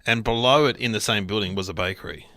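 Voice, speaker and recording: A man co-hosting a podcast, telling stories in an animated, chatty way. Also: fairly low pitch, fast talker, no echo, studio quality. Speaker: podcast co-host. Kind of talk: casual chat.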